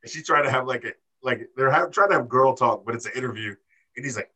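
A man co-hosting a casual wrestling chat, animated and swearing, acting out quotes in high voices. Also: fast talker, husky, rough recording. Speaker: podcast co-host.

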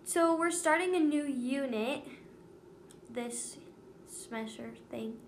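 A woman's voice: high voice, slow pace, a little hiss or hum. A teenage girl chatting casually as a student co-host, giggly and chatty, with lots of fillers. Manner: giggly, chatty, says "like" a lot. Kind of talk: casual chat.

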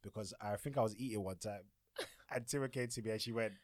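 A man's voice: on the low side, fast talker, dry recording, studio quality. A man co-hosting a podcast, chatting casually and playfully teasing. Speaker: podcast co-host. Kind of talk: casual chat.

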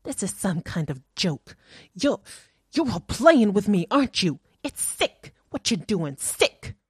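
A woman reading the part of a frightened, defiant woman caught in a séance, her voice tense and pitched up in pleading. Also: sing-song, normal speed, darkish tone, husky, no echo, clean studio sound. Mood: upset.

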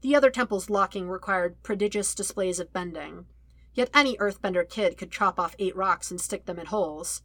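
A woman narrating a fan-fiction audiobook with a lively, wry storytelling manner. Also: medium pitch, normal speed, dry recording. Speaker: audiobook reader.

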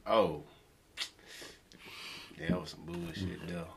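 A man's voice: deep voice, fairly even intonation, takes it slowly, vocal fry, a little hiss or hum. A man in casual chat, slangy and teasing, drawing out his words.

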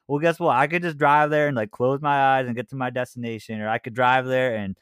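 A man's voice: medium pitch, fairly even intonation, brisk, hardly any pauses, fairly bright tone, smooth, dry recording, studio quality. A man co-hosting a casual podcast, rambling with lots of "like" and mocking imitations of other people. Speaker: podcast co-host.

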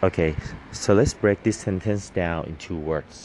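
Low-voiced man teaching a language. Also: darkish tone, slight background noise. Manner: clear, patient, repeats words slowly. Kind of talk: scripted language lesson.

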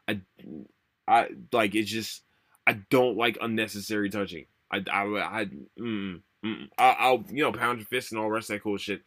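A young man hosting a solo podcast, rambling and swearing a lot, tired and low on energy. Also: fairly even intonation, moderate pace, fairly bright tone. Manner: profane, rambling, repeats himself. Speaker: podcast host. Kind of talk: casual solo podcast rant.

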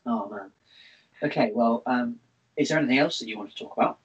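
A man hosting a casual podcast chat, chatty and excitable, swearing freely. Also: medium pitch, brisk, slightly rough, lo-fi sound. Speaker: podcast host.

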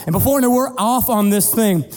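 A middle-aged man preaching as a pastor, telling a family story in an animated, playful way and acting out the voices. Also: high voice, a little fast. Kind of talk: sermon storytelling. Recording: long hall reverb with faint music.

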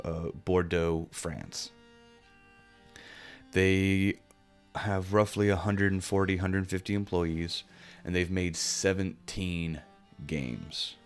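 Deep-voiced male podcast co-host, loose rambling chat, lots of ums. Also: clean tone. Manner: relaxed, rambling, frequent fillers. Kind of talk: casual chat.

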